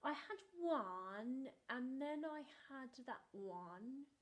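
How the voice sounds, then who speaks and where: A dithering little boy, as a woman puts him on, making excuses. He speaks slowly and hesitantly, with lots of pauses and ums along the way. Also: on the high side, lively intonation.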